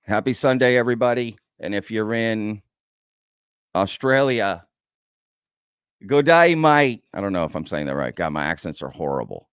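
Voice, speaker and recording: A man's voice: lowish voice, lively intonation, moderate pace, clean tone, no echo, clean studio sound. A man with an American accent hosting a casual livestream, chatting loosely and reading out viewers' comments. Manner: chatty, reads out viewer comments, says "y'all". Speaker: livestream host.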